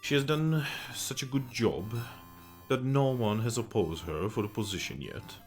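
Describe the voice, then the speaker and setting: A man's voice: mid-range voice, lively intonation, moderate pace, soft background music, natural voice. A man doing a leering innkeeper with a mock Russian accent. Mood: gruff. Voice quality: archaic formal speech.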